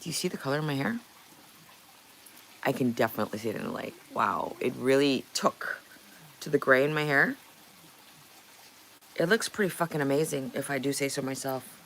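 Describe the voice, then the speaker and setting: A middle-aged woman from Canada talks to her livestream chat, blunt and quick to laugh, swearing as she goes. Her voice is low and gravelly, and her pitch swings widely. A faint hiss of room ambience sits behind her. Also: lively intonation, fairly bright tone. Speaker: livestream host. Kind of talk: casual livestream chat with viewers.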